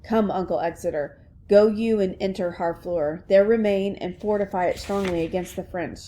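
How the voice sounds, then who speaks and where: A woman reading the lines of a commanding English king in measured, formal verse. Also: medium pitch, dark tone, natural voice.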